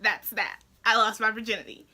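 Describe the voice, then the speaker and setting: A woman's voice: on the high side, a little fast, a little hiss or hum. A young woman telling a story to camera in a casual vlog, acting out her family's lines and often saying "like" and "that's that". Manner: animated storytelling, acts out quoted family voices; frequent "like" and "that's that" fillers. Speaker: vlogger.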